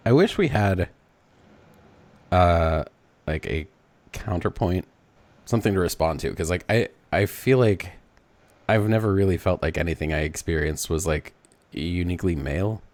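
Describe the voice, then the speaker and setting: Man, very deep voice, lively ups and downs, hesitant and filler-heavy, casual podcast chat. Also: normal speed, long pauses. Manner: loose, hesitant phrasing with many fillers. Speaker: podcast co-host.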